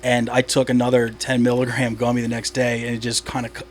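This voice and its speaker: A man's voice: mid-range voice, monotone, quick pace, slight background noise. A man, a stand-up comic from Delaware, chatting on a podcast in a rambling way, laughing at his own jokes and swearing casually.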